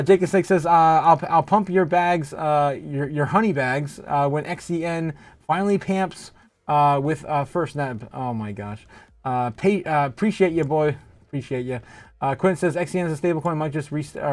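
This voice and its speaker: Man, livestream host, slightly high-pitched, giggly, rambling, casual chat. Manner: rambling and giggly, many fillers and laughs. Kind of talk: casual livestream chat, reading out viewer comments.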